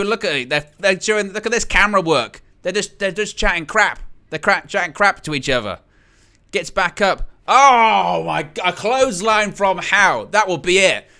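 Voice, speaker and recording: A man hosting a watch-along, giving excitable live reaction commentary and repeating his exclamations. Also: fairly high pitch.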